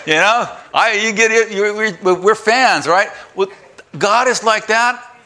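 A man preaching a sermon in church, folksy and animated, sometimes shouting with excitement. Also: high-pitched, takes it slowly. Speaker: pastor.

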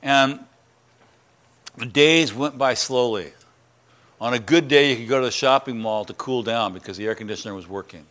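An earnest middle-aged man preaching a sermon to his church. He talks at an ordinary pitch with a plain, everyday voice, often repeating a word as he goes. His voice climbs and gets louder when he stresses a point. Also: moderate pace, long pauses. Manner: earnest, repeats words, rising emphatic voice on key lines. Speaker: pastor. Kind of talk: sermon and prayer.

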